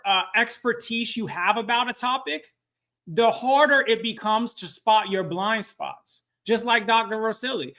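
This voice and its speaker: A man's voice: very high-pitched, pushed and bright. A man presenting a live training webinar, telling a story and often quizzing his audience.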